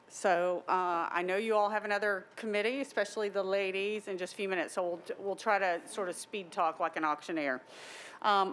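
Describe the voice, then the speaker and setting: A woman briefing a city council committee on state legislation in a brisk, matter-of-fact way. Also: mid-range voice, a bit bright, slight background noise, rough recording. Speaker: government affairs staffer briefing the council. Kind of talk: briefing at a meeting.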